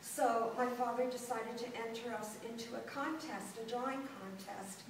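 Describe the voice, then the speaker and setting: A woman in her sixties from Los Angeles, a performance artist telling her life story to a gallery audience in a halting way, with frequent pauses and ums. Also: fairly high pitch, background noise. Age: 60s. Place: gallery room before an audience. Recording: very echoey room, distant mic.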